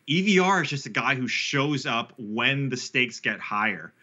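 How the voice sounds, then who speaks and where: Guy on a podcast riffing on betting picks, super bright voice, kinda dull lo-fi sound. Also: medium pitch, lively intonation. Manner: fast, rambling, self-correcting with fillers. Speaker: sports betting analyst guest. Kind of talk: casual podcast betting talk.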